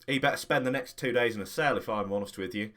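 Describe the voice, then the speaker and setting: A man playing a tabletop role-playing game, speaking partly in character in a smooth, pompous way. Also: medium pitch, fast talker, fairly bright tone. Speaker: player.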